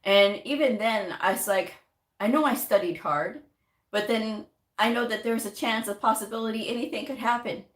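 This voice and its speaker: A woman giving a casual motivational talk to camera, chatty and animated, telling stories with quoted asides. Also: fairly high pitch, moderate pace. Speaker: medical coding vlogger. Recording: echoey room.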